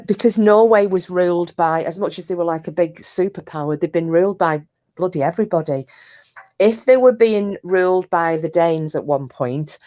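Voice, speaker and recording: Chatty woman, low voice. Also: darkish tone. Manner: chatty, explains at length with fillers. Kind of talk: casual chat. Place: at home.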